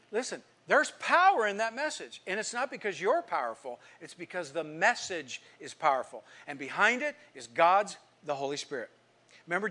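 High, bright-voiced male preacher. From California, USA. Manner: storytelling preacher, swings from hushed to emphatic. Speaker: pastor. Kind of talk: sermon.

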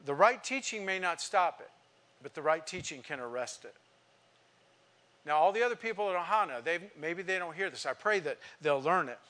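Emphatic bright-voiced male preacher. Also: fairly high pitch, expressive, moderate pace. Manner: emphatic preaching, rhetorical questions to the congregation. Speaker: pastor. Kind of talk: sermon.

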